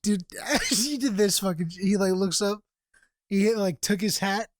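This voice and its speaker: A man's voice: high-pitched, a little slow, slight background noise. Profane young man telling a story. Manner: profane, animated, acts out quoted people. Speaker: podcast co-host. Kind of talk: casual chat, storytelling.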